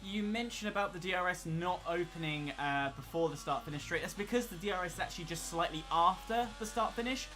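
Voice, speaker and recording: Bright-voiced man explaining a race track. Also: high-pitched, a little fast, few pauses, faint music behind. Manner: explanatory, technical. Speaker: co-commentator. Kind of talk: esports race commentary.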